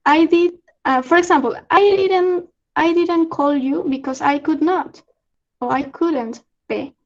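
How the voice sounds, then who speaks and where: A young Peruvian woman with a Spanish accent, teaching slang in an online lesson, halting with many fillers and frequent laughs. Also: sits high, lo-fi sound. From Peru. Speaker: student exchange presenter. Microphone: video call.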